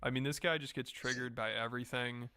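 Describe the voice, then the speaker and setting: A man's voice: medium pitch, brisk, clean tone, dry recording. A man narrating a commentary video in a dry, mocking tone. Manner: dry, mocking, monotone delivery.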